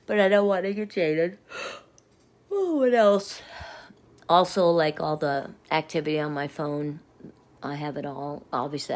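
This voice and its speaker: Low gravelly angry middle-aged woman. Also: a little mellow. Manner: rambling and agitated, often dropping to a muttered whisper. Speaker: vlogger. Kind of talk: angry personal rant to viewers.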